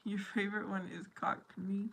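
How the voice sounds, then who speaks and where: A woman's voice: medium pitch, level tone, normal speed, vocal fry, a bit bright, slight background noise. A middle-aged woman hosting a casual livestream chat with her viewers, silly and giggly. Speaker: livestream host.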